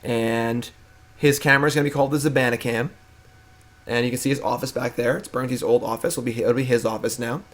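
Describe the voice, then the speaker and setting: A young man chatting on his live stream in a relaxed, playful way. His pitch sits right in the middle for a man. He talks to his pet and the viewers at an easy, unscripted pace. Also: quick pace. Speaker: streamer and host. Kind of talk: casual live-stream chat.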